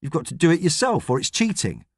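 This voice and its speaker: A man voicing a gruff, grumpy middle-aged astronaut, stern and lecturing in an audiobook. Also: a little high, very animated, fast, dry recording, studio quality, voice pushed up, exaggerated voice. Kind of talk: audiobook character reading.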